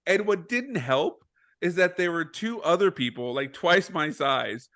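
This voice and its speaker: Animated man telling a story, higher voice. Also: measured pace. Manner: animated, swearing, laughing through a self-mocking story. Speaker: podcast co-host. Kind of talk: casual storytelling.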